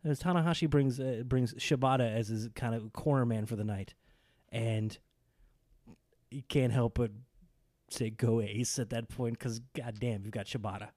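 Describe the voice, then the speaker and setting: A man co-hosting a casual podcast, talking about wrestling with rambling enthusiasm. His voice is mellow and dark. The sound is dry and close. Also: medium pitch, moderate pace, dry recording. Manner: enthusiastic, rambling, animated when excited. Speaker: podcast co-host.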